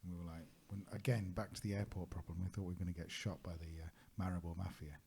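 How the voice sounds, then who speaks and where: A man's voice: sits low, level tone, quick pace, vocal fry, darkish tone, slight background noise. A man co-hosting a travel podcast, telling anecdotes in casual chat, laughing and searching for words. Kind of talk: casual conversational storytelling.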